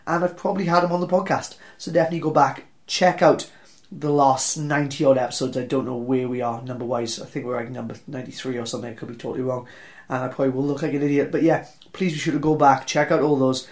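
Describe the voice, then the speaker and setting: A man's voice: mid-range voice, fairly even intonation, quick pace. A young man with a Welsh accent hosting a wrestling podcast, chatty and self-deprecating, rambling through sponsor reads. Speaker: podcast host. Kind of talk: casual podcast intro and ad reads.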